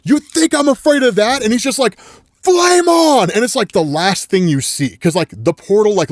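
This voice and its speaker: A man giving a casual spoken recap of a comic story, chatty and full of "like" and "right", getting excited as he retells the big moments. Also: fairly high pitch, dry recording, clean studio sound. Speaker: comic book recap host.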